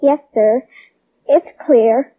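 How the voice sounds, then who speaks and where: A woman's voice: on the high side, very slow, husky, soft background music, heavily acted. An actress playing a frightened, insistent little girl, pleading and tearful in a 1940s radio drama, heard on an old tinny broadcast. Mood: obedient.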